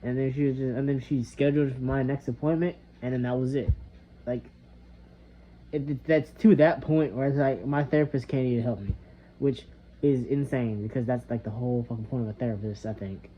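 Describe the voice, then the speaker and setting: A man's voice: medium pitch, brisk. Frustrated young man venting, rambling. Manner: rambling, frustrated, heavy swearing, trailing off. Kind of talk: casual monologue vent. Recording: slightly dull lo-fi recording with faint background noise.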